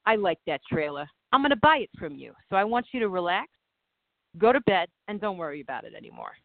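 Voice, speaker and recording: A woman voicing an easygoing Italian man with an Italian accent, calm and fatherly as he tells someone to stop worrying. The sound is thin and phone-like, with no room echo at all. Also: high voice, fast, vocal fry, full character voice. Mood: reassuring. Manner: relaxed, fatherly reassurance. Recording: dry, tinny phone-like sound.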